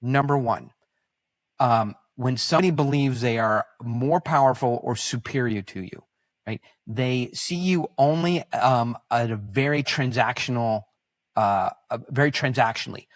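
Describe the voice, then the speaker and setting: A man who is a podcast guest, telling stories in an animated, rambling way, with restarts. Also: medium pitch, a little slow, no room sound, clean studio sound. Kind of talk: casual conversational storytelling.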